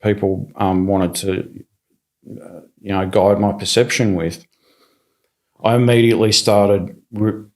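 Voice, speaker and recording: A man, a podcast guest, telling his story in a lively, casual way, acting out what people said and often restarting his sentences, recorded in a studio. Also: lowish voice, a little slow. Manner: animated, acts out quoted voices, many restarts.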